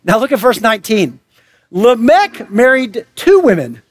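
A man preaching a sermon as pastor, lively and animated, acting out characters and firing rhetorical questions. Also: sits high, normal speed. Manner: animated, acts out biblical voices with rhetorical questions.

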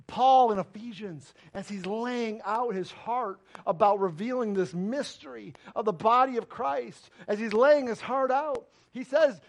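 A man's voice: very high voice, creaky, highs cut off. A man preaching a sermon as pastor, emphatic and full of direct questions to the congregation. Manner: emphatic, preaching with rising and falling intensity.

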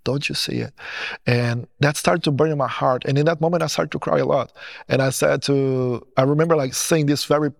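Earnest man with a gravelly, dry voice. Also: on the high side, fairly even intonation, brisk, no room sound. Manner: earnest, retelling dialogue, restarts phrases. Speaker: testimony speaker. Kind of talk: personal testimony storytelling.

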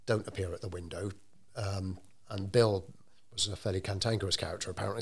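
Deep-voiced man telling a story. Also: fairly even intonation, slightly rough. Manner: measured, with frequent ums and restarts. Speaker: interviewee telling local history. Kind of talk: conversational storytelling.

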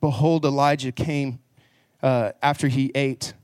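A man preaching to a church congregation. His delivery is earnest and conversational, and it builds into emphatic stretches. His voice sits at a middle pitch, and it is recorded close and dry. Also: fairly even intonation, a little slow, darkish tone, dry recording. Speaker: pastor. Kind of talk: sermon.

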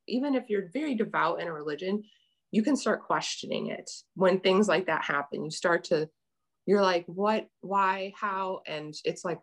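A middle-aged woman telling a personal story as a guest, earnest and rambling, with many restarts. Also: fairly low pitch.

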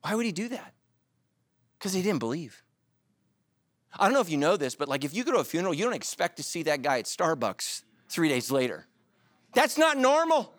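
Animated joking pastor, lively man's voice. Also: fairly high pitch, fairly quick, long pauses, no echo. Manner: animated storytelling with jokes and acted-out quotes. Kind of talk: sermon.

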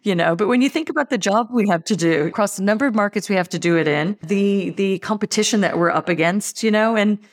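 A woman's voice: mid-range voice, fast, hardly any pauses. A woman with an American accent answering interview questions about a marketing campaign, upbeat and enthusiastic, often starting with "look". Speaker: tourism marketing executive.

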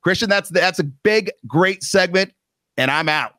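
A man's voice: high voice, measured pace, noisy background. A man hosting a podcast, telling stories in a rambling, casual, self-deprecating way and acting out the quoted lines. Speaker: podcast host. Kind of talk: casual storytelling.

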